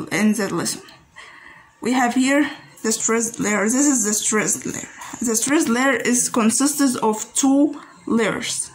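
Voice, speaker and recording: A woman gives a grammar lesson in a slightly raised voice. She moves at a slow, deliberate pace. She says each example word again and again so learners can follow. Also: on the high side, poor audio. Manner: slow and patient, repeats each example word several times. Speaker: Arabic teacher.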